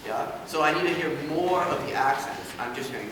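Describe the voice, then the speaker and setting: Conductor in a booming rehearsal hall. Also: male voice, expressive, brisk, over loud music. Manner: sings rhythms to demonstrate; checks in with short questions. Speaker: orchestra conductor. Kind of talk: rehearsal instruction. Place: large rehearsal hall with orchestra. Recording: distant mic in reverberant hall with orchestra.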